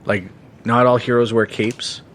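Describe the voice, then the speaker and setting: A man co-hosting a casual podcast chat, rambling with lots of fillers and swearing freely when excited. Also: mid-range voice, unhurried, a little hiss or hum. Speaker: podcast co-host.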